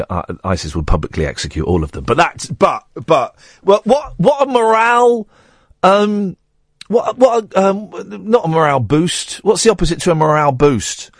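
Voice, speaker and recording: Rambling radio host, lively pitch. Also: male voice, dry recording, studio quality. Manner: rambling, self-deprecating storytelling with many restarts. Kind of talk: late-night radio monologue.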